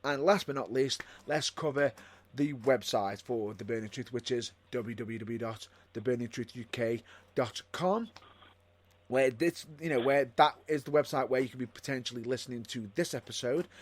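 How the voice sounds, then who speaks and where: A man's voice: mid-range voice, brisk. Rambling man hosting a podcast. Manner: rambling, repeats himself and restarts. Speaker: podcast co-host. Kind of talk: casual podcast chat.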